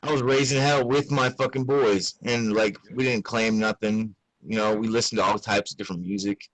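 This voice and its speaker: A man's voice: on the low side, steady tone, normal speed, dry recording, low-quality recording. A young adult man hosting a podcast in casual chat, laid-back, swearing a lot and laughing often. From Utah. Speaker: podcast host.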